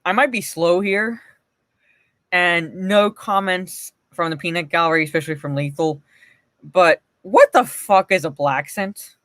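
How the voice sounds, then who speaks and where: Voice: medium pitch, a little slow, fairly bright tone, no echo. This is a livestream host riffing to chat from a home setup, swearing freely and laughing between remarks. The voice sits in a middle register and the sound is dry and close. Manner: blunt, profane, often laughing, greets chatters by name. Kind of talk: casual livestream commentary.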